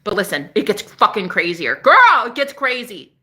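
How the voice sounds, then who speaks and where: A woman telling a story casually on a vlog, excitable and profane, talking outdoors on a porch. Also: mid-range voice, normal speed. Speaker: spiritual vlogger.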